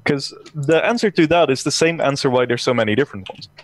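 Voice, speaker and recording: A man calmly offering analogies in a casual online group chat. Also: medium pitch, no echo. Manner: calm, measured, uses analogies. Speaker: video chat caller.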